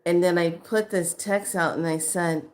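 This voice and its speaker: A woman vlogger telling a casual story in an animated way, acting out what people said and laughing often. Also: fairly low pitch, measured pace. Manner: animated, acts out quoted voices, laughs often.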